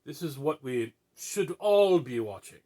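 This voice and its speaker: A man's voice: on the high side, lively intonation, unhurried, warm tone. A man putting on a snooty cricket purist. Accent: attempted mid-Atlantic. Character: snobbish male cricket purist, haughty.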